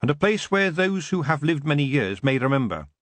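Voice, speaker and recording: Young girl witch, earnest and measured, raised pitch, as a male narrator puts her on. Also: sing-song, fairly bright tone, dry recording.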